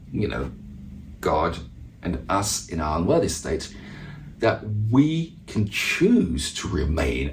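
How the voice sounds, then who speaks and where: Low-voiced man musing on scripture. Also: a little hiss or hum. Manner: reads verses aloud, then muses on them with restarts. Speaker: musician teaching on the Psalms. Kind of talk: reflective devotional talk.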